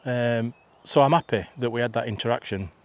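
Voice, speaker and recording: A man's voice: mid-range voice, fairly quick. A man, telling a rambling, chatty story for his vlog outdoors. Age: 50s. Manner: rambling, chatty, full of restarts and asides. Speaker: vlogger. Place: outdoors in a field.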